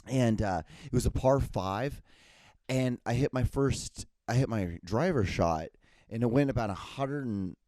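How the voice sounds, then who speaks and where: A man with a fairly low, mellow voice rambles through a casual solo monologue, doubling back on himself and tossing in jokey asides. His voice is hoarse, as if he is losing it, and the sound is close and dry with no room around it. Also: dry recording. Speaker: podcast host.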